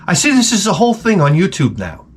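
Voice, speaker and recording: A man's voice: high-pitched, wildly swooping pitch, fast talker, a little hiss or hum. A man hosting his own channel, talking in a rambling, offhand way with lots of fillers and restarts. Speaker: channel host. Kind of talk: rambling casual monologue.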